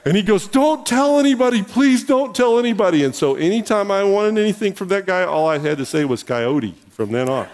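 A man in middle age preaches to his congregation with a notably high voice and a homespun storytelling manner. His delivery grows louder and more animated as a story builds. The sound carries a long reverb, like a large church sanctuary. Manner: folksy, animated storyteller who gets louder and higher when excited. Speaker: pastor. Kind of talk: sermon with storytelling. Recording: reverberant hall.

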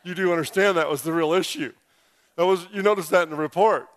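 A man's voice: high-pitched, fast, a bit bright. A male pastor preaching a sermon through a personal story, with humorous, self-deprecating asides.

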